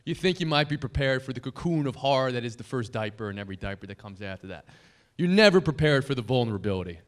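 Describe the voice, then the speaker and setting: Speaking quickly and animatedly in a mid-range voice, a man in his thirties addresses a banquet hall anniversary dinner from a podium mic. The broadcaster tells funny, self-deprecating stories but remains genuinely thankful, offering a heartfelt tribute.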